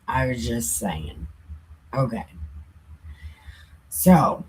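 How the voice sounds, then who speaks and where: Woman, unhurried casual Bible teacher, husky voice, jokey asides. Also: very deep voice, animated, darkish tone. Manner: chatty, self-joking asides.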